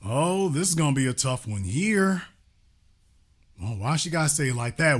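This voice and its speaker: A man's voice: a little high, expressive, moderate pace, long pauses. A man commenting on a news clip with sarcastic, groaning asides.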